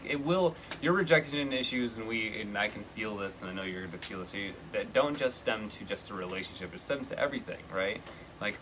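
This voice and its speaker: A man giving a live tarot reading, chatty and earnest, with sudden excited bursts. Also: lowish voice, noisy background. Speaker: tarot reader.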